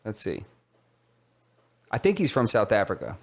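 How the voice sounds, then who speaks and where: A man's voice: fairly low pitch, normal speed, vocal fry. A young man co-hosting a podcast, chatting casually and acting out quotes in a raised, laughing voice. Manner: animated storytelling, acts out quotes in a raised voice with laughs. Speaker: podcast co-host. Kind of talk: casual chat.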